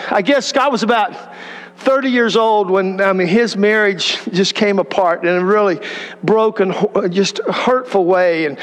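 A man's voice: high-pitched, a bit bright, long reverb tail. A middle-aged man preaching a sermon, telling stories and asking the congregation questions. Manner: conversational storytelling preaching with rhetorical questions. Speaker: pastor. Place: church sanctuary.

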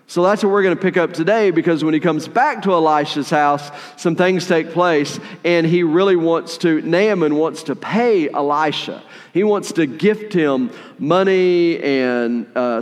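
A man preaching a sermon in a conversational, animated way, with playful asides while retelling a story. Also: fairly high pitch, in a large hall. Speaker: pastor.

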